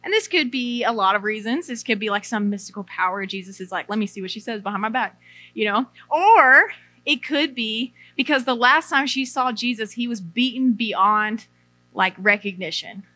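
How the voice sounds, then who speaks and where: A young woman gives a relaxed, conversational sermon, stepping from scripture reading into breezy paraphrase and side comments. Her voice sits a little high and rings bright and clear. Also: normal speed. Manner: chatty, aside-filled, reads scripture then paraphrases in everyday slang. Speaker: preacher. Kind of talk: casual sermon retelling scripture.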